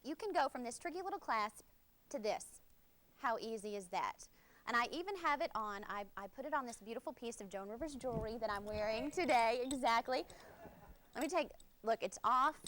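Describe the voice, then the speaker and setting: Demonstrating a product on air, a young Alabama woman with a Southern accent, a news anchor trying out as host, talks earnestly and upbeat with warm persuasion. Her slightly high voice is animated at a normal pace, with frequent pauses and slight background noise.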